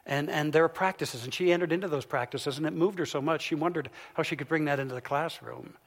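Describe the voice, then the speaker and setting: A man giving a sermon, telling a story as he swings from loud, emphatic peaks down to soft, hushed lines. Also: on the high side, quick pace. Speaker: pastor. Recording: long hall reverb.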